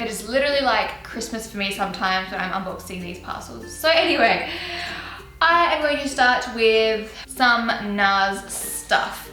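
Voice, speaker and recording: A young Australian beauty vlogger chats casually and giggles as she shows off and tries out makeup on her channel. Her voice is fairly high and sharp in tone, and the recording is reverberant and rough.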